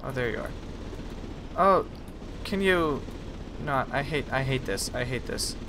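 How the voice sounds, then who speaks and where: With an unhurried, animated delivery at medium pitch, a gaming streamer rambles through his live session over game music and a noisy background. He corrects himself as he goes and grumbles at the game, chatty but mildly exasperated.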